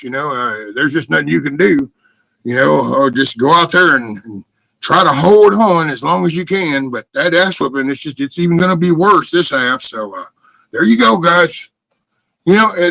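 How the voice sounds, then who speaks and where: A middle-aged man talks in a loose, meandering monologue. He is blunt and swears freely, and his voice sits a touch higher than most men's. The sound is close and dry, with no room echo. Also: creaky, pushed and bright. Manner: blunt, profane, meandering with restarts. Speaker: livestream host. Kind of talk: rambling casual monologue.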